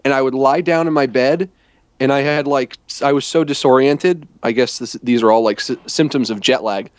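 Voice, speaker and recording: A man's voice: mid-range voice, normal speed, smooth, no room sound. A man talks his way through a travel mishap, circling back and restarting his sentences as he goes. The sound is dry and close, with no room around it. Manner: rambling, self-correcting storytelling. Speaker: storyteller in a chat. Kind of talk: casual chat.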